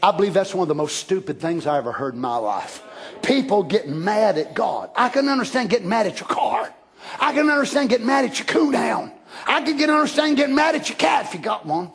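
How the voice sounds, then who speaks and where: A man preaching a sermon in a folksy, animated way, breaking into shouted passages. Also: high voice, brisk, gravelly. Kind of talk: Pentecostal-style sermon.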